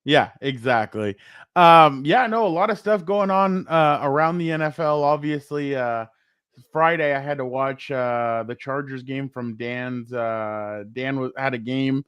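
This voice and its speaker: Male co-host, casual sports talk, smooth resonant tone, dry close mic. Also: mid-range voice, unhurried, fairly bright tone, no room sound. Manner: rambling, lots of fillers and laughs. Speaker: podcast co-host.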